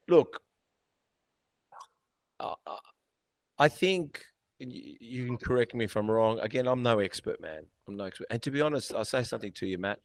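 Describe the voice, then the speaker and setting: A man hosting a podcast, talking in a blunt, swearing, animated way. His mid-range voice sits close to a dry mic with no room sound at all. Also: mid-range voice, vocal fry, dry recording. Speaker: podcast host. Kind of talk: casual chat.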